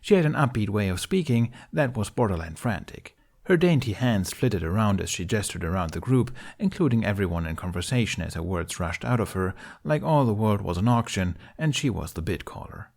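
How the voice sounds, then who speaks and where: A man reading a fan story aloud, narrating calmly and evenly. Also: on the low side, fairly quick, vocal fry. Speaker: podfic reader.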